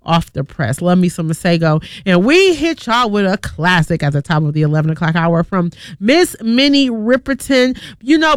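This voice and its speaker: A woman's voice: mid-range voice, clean tone, dry recording. A woman radio DJ chatting casually on air in a studio, upbeat and slangy, talking straight to her listeners. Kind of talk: casual radio show chat.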